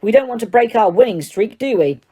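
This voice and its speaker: A woman's voice: a little high, lively intonation, fairly quick, mellow, husky, pitched above the performer's own voice. A woman voicing a fussy, genteel male ghost who is chatty and a little pompous, in an audiobook reading. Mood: prim. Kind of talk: audiobook character voice.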